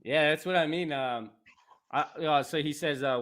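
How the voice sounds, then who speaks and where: A man from Canada chatting casually as a podcast host, rambling and animated, laughing often. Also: a little high, normal speed. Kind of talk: casual chat.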